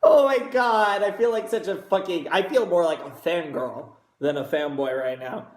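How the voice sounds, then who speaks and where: A man hosting a reaction video, gushing excitedly and swearing heavily in casual commentary. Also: a little high, normal speed. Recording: roomy echo.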